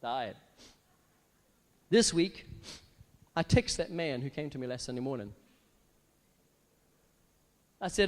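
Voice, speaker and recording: A middle-aged man preaching a sermon as pastor, animated and breaking into big exaggerated laughs. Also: a little high, slow, long pauses. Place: church hall. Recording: long church hall reverb.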